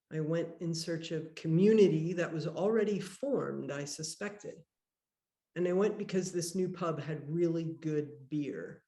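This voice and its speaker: A woman priest giving a workshop talk, telling a personal story in a reflective, measured way. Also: low voice, mellow, reverberant. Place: conference workshop room.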